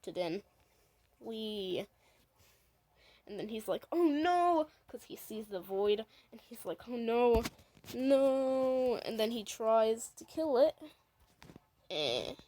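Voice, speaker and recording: A woman's voice: mid-range voice, animated, takes it slowly, pauses often, darkish tone, poor audio. A woman casually talks through her own animation scene by scene, rambling and stringing events together with "and then". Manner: rambling, chains "and then he's like". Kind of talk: casual commentary over a video.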